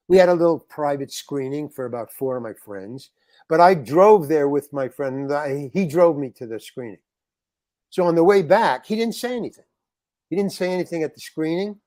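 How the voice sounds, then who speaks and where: A man being interviewed on a podcast, telling an anecdote with lively restarts and acted-out quotes of other people. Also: a little high, normal speed, pauses often, no room sound, clean studio sound. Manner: animated, acts out other people's lines in quotes, frequent restarts. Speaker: interview guest, actor. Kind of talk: anecdotal storytelling in a podcast chat.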